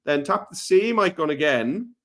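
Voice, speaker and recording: Man from Wales, fairly high voice, upbeat co-host, casual demo. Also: lively intonation, moderate pace, fairly bright tone. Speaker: co-host teacher.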